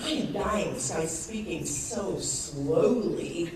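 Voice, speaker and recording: A woman in her sixties telling a lively story on stage and acting out the people in it, laughing often. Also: medium pitch, slow. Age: 60s. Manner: animated storytelling, acts out quoted voices, laughs often. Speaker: network marketing speaker. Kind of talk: motivational talk on stage. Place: large event hall with audience. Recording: echoey hall, distant mic, crowd noise.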